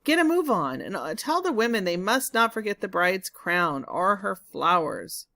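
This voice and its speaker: A woman reading a storybook aloud, voicing a bossy rich male farmer who barks orders loudly and schemes. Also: mid-range voice, expressive, a little slow, no echo. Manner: loud, barking orders.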